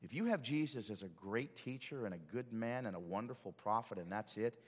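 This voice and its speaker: A man preaching a sermon in a church, swinging from loud declarations to hushed asides. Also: on the low side, animated, fairly quick, big-room sound. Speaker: pastor. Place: church sanctuary.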